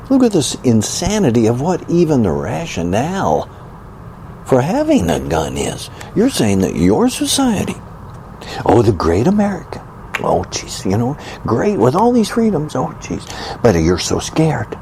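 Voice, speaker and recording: A man's voice: medium pitch, huge pitch swings, measured pace, mellow, a little hiss or hum. A man delivering an indignant political opinion rant, sarcastic and mocking, repeating phrases for emphasis. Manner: indignant, sarcastic, mocks opponents with exaggerated sighs and gasps. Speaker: commentator.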